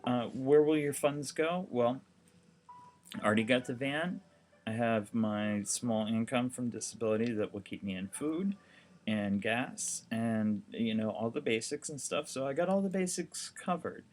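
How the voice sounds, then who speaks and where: A man's voice: medium pitch, a little slow, a little mellow. A seriously ill man talking casually to the camera, rambling and heartfelt with lots of fillers. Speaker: documentary vlogger.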